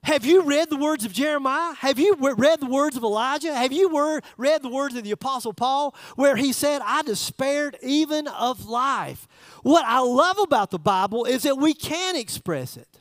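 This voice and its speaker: A man preaches to his congregation in a casual, folksy way, often turning to ask them questions directly. His voice sits very high for a man. The sound is dry and close, with little room in it. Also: animated, moderate pace, few pauses, no room sound. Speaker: pastor. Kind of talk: sermon. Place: church service.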